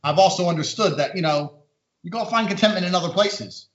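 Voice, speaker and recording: A man speaking as a podcast guest in casual conversation, a rapid storyteller who acts out the voices in his anecdotes. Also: high voice, a bit bright. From American-British. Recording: echoey, slightly muffled audio.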